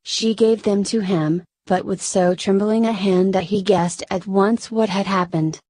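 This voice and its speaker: A woman reading a fairy tale aloud in an even, measured narration. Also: mid-range voice, no echo. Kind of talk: storybook reading.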